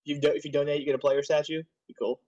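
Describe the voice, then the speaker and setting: A man's voice: fairly high pitch, flat delivery, rapid-fire, a little mellow, muffled recording. A man streaming a game, chatting casually and rambling, swearing often, with frequent hiccups. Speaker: server admin streaming gameplay. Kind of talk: casual gaming chat.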